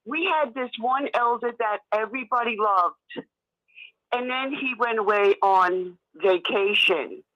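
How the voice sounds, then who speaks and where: A woman's voice: a little high, measured pace, a bit bright. A woman with a New York accent, calling in to a talk show and telling a story in a chatty way over the phone. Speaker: caller. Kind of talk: phone-in chat. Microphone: telephone. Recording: muffled phone line.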